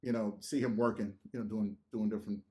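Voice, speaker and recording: This podcast guest talks fast in a fairly low voice, spinning a story in casual conversation. Animated and laughing, he swears and acts out what people said.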